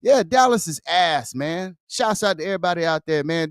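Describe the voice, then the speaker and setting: A man with a noticeably high voice ranting about sports as a podcast host. He talks casually and heatedly, swears freely and circles back on his words. The sound is dry and close, with no room around it. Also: lively intonation, normal speed, clean tone, no echo. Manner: heated, profane, repeats himself.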